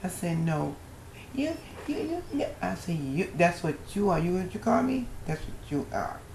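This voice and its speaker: Older woman, low gravelly storyteller. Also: normal speed, echoey room, slight background noise. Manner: lively storyteller with a dialect grammar, acting out others' voices. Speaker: guest. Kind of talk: telling a personal story.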